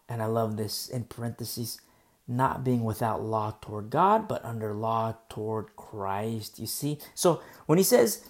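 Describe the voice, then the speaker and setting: A woman's voice: very deep voice, expressive, moderate pace. A woman preacher giving a verse-by-verse Bible teaching. She is emphatic and rhetorical, repeats key phrases and keeps asking "You see?".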